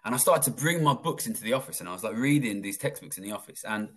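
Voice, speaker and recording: A man in his thirties from England, a guest telling his life story in a blunt, profane, animated way. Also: on the low side, quick pace, slightly rough. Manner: blunt and profane, acting out quoted dialogue. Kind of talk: casual interview storytelling.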